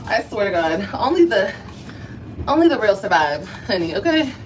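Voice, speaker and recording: A woman's voice: medium pitch, very animated, moderate pace, slight background noise, low-quality recording. A woman ranting on a livestream, mocking and profane, sometimes faking crying. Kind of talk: livestream rant.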